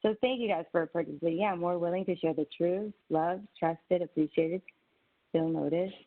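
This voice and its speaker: A woman's voice: fairly low pitch, normal speed. A woman presenting a teaching webinar as a social worker, talking conversationally with frequent restarts over a video call. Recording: tinny phone-like webinar audio.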